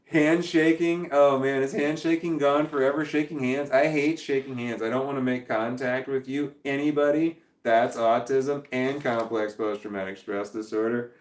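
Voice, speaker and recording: A man in his forties chats loosely on a livestream in a mid-pitched voice, wandering from one viewer comment to the next with little chuckles. The sound carries a roomy echo. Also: steady tone, normal speed, hardly any pauses. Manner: rambling, reads viewer comments aloud and chuckles. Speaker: livestream host. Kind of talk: casual livestream chat.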